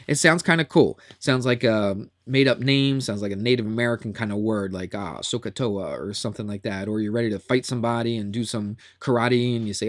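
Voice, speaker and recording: A man's voice: mid-range voice, fairly quick, no room sound, clean studio sound. A man teaching a recorded math lesson in a chatty, upbeat way that often repeats itself.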